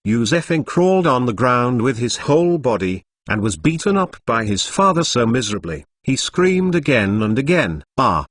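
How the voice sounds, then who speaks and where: A man's voice: medium pitch, big pitch swings, normal speed, few pauses, dry recording. Dry synthetic male novel narrator. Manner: reads punctuation marks aloud.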